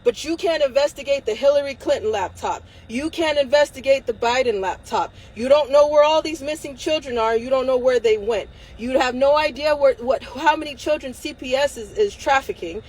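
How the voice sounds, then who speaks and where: A woman's voice: sits high, fairly quick, few pauses, darkish tone, poor audio. A woman giving an impassioned, angry livestream rant into a phone, emphatic and swearing. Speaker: livestream host.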